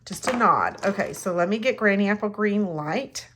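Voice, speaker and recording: A woman's voice: mid-range voice, animated, normal speed, a bit bright, slight background noise. A middle-aged woman, chatting casually and rambling while demonstrating a craft. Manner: chatty, rambling, self-mocking. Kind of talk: casual crafting tutorial chat.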